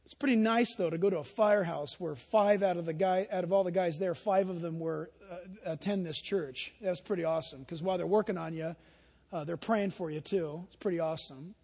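High-voiced animated preacher man. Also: fairly quick, breathy edge. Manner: animated, swings from hushed to near-shouting. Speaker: pastor. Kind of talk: sermon. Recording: long hall reverb.

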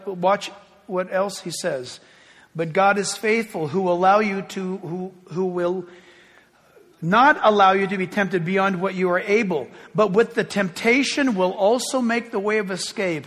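A man with a high voice preaches as pastor to his congregation. He is emphatic, dropping to hushed asides and then swelling into loud, ringing appeals. His voice carries a long reverb from a large hall. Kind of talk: sermon.

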